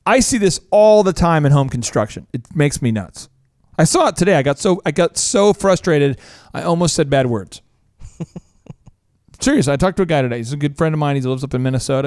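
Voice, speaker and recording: Energetic male business podcast host. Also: on the high side, dry recording, studio quality. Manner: animated, jokey, quick asides and voice impressions. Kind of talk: energetic casual business talk.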